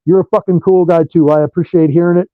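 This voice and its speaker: A man, a rock guitarist being interviewed over a remote call, telling animated stories and swearing freely. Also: sits high, fast, no echo. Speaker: guitarist guest. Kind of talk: profane storytelling interview. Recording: dull lo-fi dry sound.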